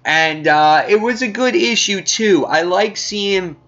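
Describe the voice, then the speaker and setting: Bright-voiced man reviewing a comic. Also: high voice, takes it slowly, dull audio. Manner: chatty, with many fillers. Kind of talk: casual video review.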